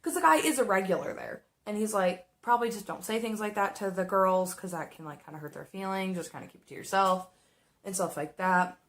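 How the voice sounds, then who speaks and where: A young woman casually telling a story about her restaurant job while doing makeup, animated and swearing, slipping into exaggerated voices for the people she quotes. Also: medium pitch, fairly quick.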